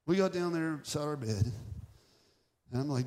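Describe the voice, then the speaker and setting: A middle-aged man, a pastor, preaching a sermon and telling a personal story with animated, acted-out dialogue. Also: on the high side, normal speed, long pauses.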